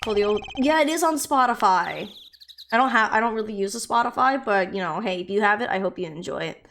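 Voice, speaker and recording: A woman's voice: medium pitch, lively intonation, fairly quick, a bit bright, slight background noise. A woman streamer chatting and rambling playfully while playing through a story game. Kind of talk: gameplay commentary.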